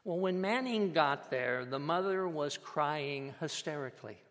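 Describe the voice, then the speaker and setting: Man, pastor, sermon, slightly high voice, unhurried, emphatic pauses, church hall reverb. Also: animated, a bit bright. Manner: measured, emphatic preaching with dramatic pauses.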